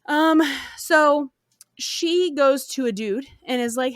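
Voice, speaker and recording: Slangy, joking woman with a higher voice. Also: takes it slowly, no echo, studio quality. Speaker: podcast host. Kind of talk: casual storytelling retelling a folk tale.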